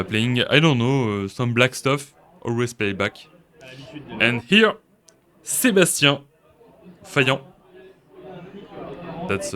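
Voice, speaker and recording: A man with a French accent, a native French speaker, giving casual, relaxed commentary on a card-game match and thinking aloud as he goes. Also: medium pitch.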